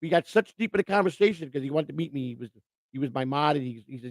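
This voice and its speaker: A man's voice: on the high side, expressive, fast talker, a bit bright, no room sound. A man hosting a live stream in casual chat, overjoyed and near tears, talking emotionally with lots of stammering and repeated words.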